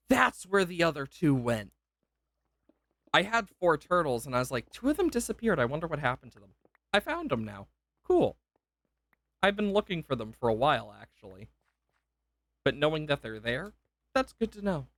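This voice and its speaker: A man's voice: mid-range voice, a bit bright, dry recording. A young man livestreaming a game, emotional and gushing, rambling with self-interruptions and repeated thanks. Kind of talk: live gameplay stream chat.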